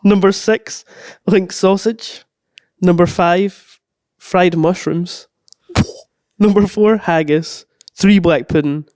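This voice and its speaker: A man co-hosting a podcast, answering in short, deadpan lines. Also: high voice, takes it slowly, no echo, clean studio sound. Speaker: podcast co-host. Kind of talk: casual podcast banter.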